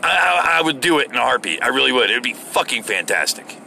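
A man's voice: medium pitch, sing-song, quick pace, creaky, sharp tone, slight background noise. A middle-aged American man hosting his own podcast, ranting casually and swearing freely. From United States. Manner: profane, exasperated ranting. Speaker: podcast host. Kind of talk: casual solo rant.

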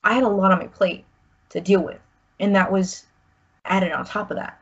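A woman's voice: mid-range voice, fairly even intonation, normal speed, husky. A woman in her twenties telling a personal story, rambling with many "like"s and restarts. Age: 20s. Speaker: guest sharing a personal story. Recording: slightly muffled recording.

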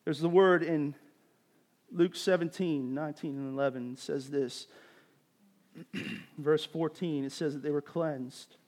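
A man preaching a sermon, building to emphatic bursts and dropping to quieter explanation. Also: on the high side, steady tone, unhurried, long pauses. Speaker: pastor.

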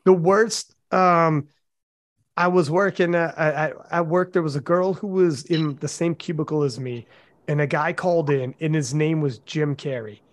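A man telling profane, animated stories as a podcast co-host in casual chat. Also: fairly high pitch, unhurried, dry recording.

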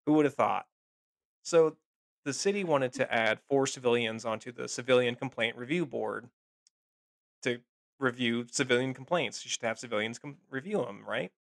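Male podcast co-host, gravelly, sarcastic and profane, close and dry. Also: mid-range voice, normal speed, no room sound. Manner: profane, sarcastic, laughs often. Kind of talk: casual chat.

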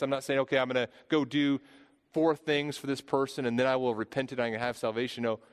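A man in his thirties preaching a sermon, earnest, often repeating and restarting phrases. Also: medium pitch. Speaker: pastor. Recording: long hall reverb.

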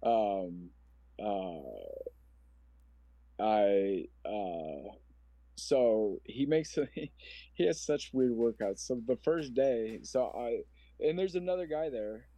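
An earnest man in his forties from Omaha, Nebraska, shares his story as a podcast guest, rambling and emotional as he goes. His voice is warm and mellow. The sound is dry, with no room echo. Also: mid-range voice, drawn-out words, pauses often. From Omaha, Nebraska, USA. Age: 40s. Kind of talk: personal storytelling interview.

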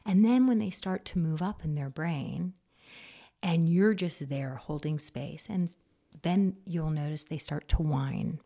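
A woman giving parenting advice in casual conversation, animated and often acting out soft, low quoted voices. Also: measured pace, creaky. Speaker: parenting expert.

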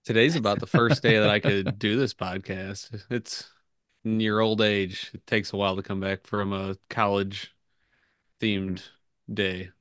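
A man with a lowish voice hosts a casual sports podcast. He trades dry wisecracks with his co-hosts. His voice sounds dry and close. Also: steady tone, a little slow, fairly bright tone, smooth, no echo. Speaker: podcast host. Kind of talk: casual chat.

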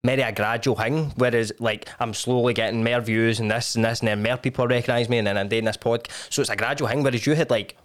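A man's voice: medium pitch, quick pace, few pauses. A young man with a Scottish accent hosting a podcast, chatting casually and agreeing often. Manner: relaxed, agreeable, chips in with short interjections. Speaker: podcast host.

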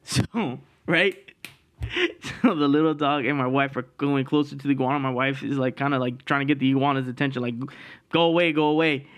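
A man's voice: mid-range voice, steady tone, brisk. A man hosting a podcast, telling a story in a casual, profane way and laughing through it. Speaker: podcast host.

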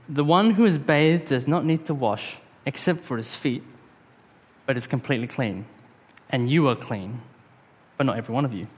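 A man delivers a sermon in a loose, conversational manner, dropping slang and fillers as he talks. His voice sits a little high for a man. The sound rings out with a long reverb, as in a large hall. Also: breathy edge. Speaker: preacher. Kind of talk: casual sermon.

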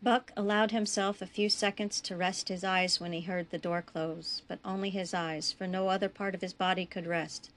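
A woman reading her own western story aloud in a measured, even narration. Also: fairly low pitch.

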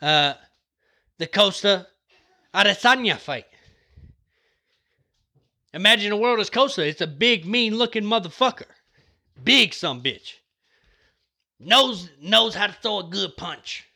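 Young male podcast host, bright high voice, profane and fired-up, yells, then jokes. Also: a little slow, gravelly, long pauses. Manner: profane, fired-up, yelling at times; relaxed and joking between rants. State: dry throat from yelling. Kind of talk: motivational casual talk.

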